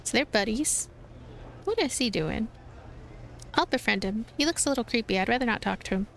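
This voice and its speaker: A woman's voice: a little high, animated, fairly quick, fairly bright tone. Chatty woman commenting on gameplay. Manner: chatty, amused. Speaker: let's play host.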